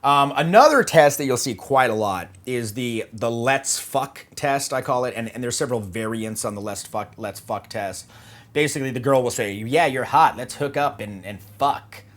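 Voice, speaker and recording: A man's voice: mid-range voice, normal speed. A man coaching on dating in a casual, joking manner, swearing freely and checking in with "okay" and "right?". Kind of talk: casual instructional talk.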